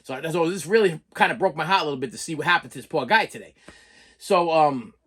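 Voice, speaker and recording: A man's voice: fairly high pitch, expressive, fast talker, a bit bright, breathy edge. A middle-aged man who collects movies, telling a long story in a casual, rambling way and often stammering and repeating words.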